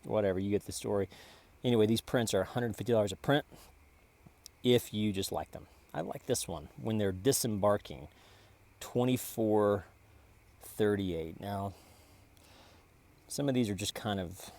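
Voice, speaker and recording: A man with a lowish voice talks through his photo prints in a loose, casual vlog. He rambles from picture to picture with big boasts and sudden exclamations, and he keeps praising his own work. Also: darkish tone. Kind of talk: casual self-promoting vlog narration.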